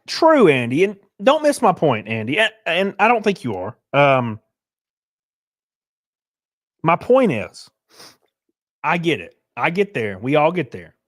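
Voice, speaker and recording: A man's voice: on the high side, huge pitch swings, takes it slowly, long pauses. A man hosting a live stream, ranting bluntly and profanely and reading chat messages aloud. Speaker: streamer host. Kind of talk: casual live-stream reaction rant.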